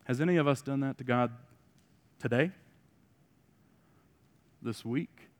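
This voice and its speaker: A man preaching a sermon to a congregation, mixing joking asides with loud emphatic points and quiet remarks. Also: mid-range voice, slow, in a large hall. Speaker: pastor.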